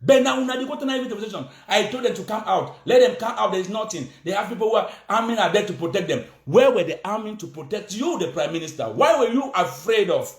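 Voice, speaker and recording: A man's voice: high-pitched, animated, fast talker, few pauses, echoey room. A man with a Cameroonian Pidgin English accent, delivering a heated, repetitive political rant, scolding and insistent.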